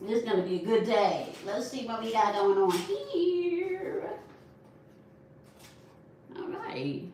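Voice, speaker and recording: A woman's voice: sing-song, takes it slowly, a little mellow. A woman giving a tarot reading who explains each point and checks in with "okay?" as she talks to viewers from her desk. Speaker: tarot reader. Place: at a desk indoors. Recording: echoey room, mic at a distance, faint rumble.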